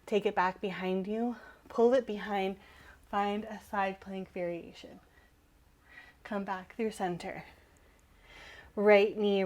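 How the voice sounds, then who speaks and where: A woman instructor giving calm, encouraging yoga cues while moving, slightly out of breath. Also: mid-range voice. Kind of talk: guided yoga class cues.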